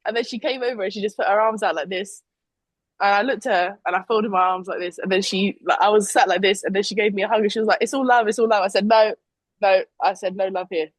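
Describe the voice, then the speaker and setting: A woman's voice: mid-range voice, fairly even intonation, fast talker, dry recording, low-quality recording. A young woman, co-hosting a casual sports podcast and telling stories with lots of fillers and apologies. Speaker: podcast co-host and flag football player. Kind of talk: casual chat.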